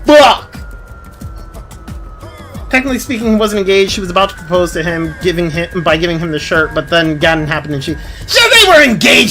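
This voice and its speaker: A man streaming a game, chatting casually in a lively, indignant way, swearing and laughing often. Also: high voice, moderate pace, faint music behind. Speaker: livestreamer.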